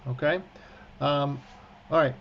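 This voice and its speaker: A man's voice: fairly high pitch, steady tone, slow pace. A man teaching prayer-book Hebrew in an online class, encouraging his students and often restarting his sentences. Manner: encouraging, frequent fillers and restarts. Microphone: video call. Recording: muffled video-call audio with faint hiss.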